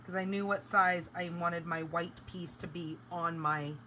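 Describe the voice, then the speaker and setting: A woman's voice: fairly low pitch, fairly even intonation, unhurried, pushed and bright, a little hiss or hum, rough recording. A woman hosting a live craft tutorial, chatting casually and explaining each step as she works. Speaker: craft demonstrator.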